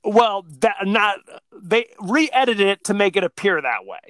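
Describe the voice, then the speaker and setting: A man's voice: high voice, big pitch swings, a little slow, a bit bright, no echo, clean studio sound. A man co-hosting a podcast in casual chat, rambling along with frequent fillers. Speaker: podcast co-host.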